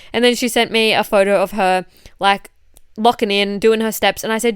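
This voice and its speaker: A woman's voice: mid-range voice, fast talker, clear, resonant tone, no echo, studio quality. A woman with an Australian accent, a fitness coach and podcast host who is a bit unwell, talking in a blunt, chatty, swear-heavy way. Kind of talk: casual chat monologue.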